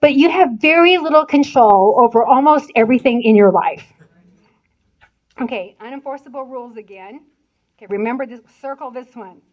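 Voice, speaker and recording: A woman in her sixties from Indiana giving a chatty, animated church talk with laughing asides. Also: high voice, moderate pace. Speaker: church speaker. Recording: dull lo-fi sound.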